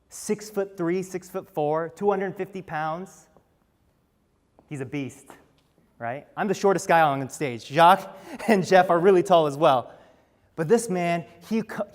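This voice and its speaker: A man's voice: high-pitched, expressive, measured pace, big-room sound. A man giving a talk on stage, telling stories earnestly and asking the audience rhetorical questions. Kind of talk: storytelling talk.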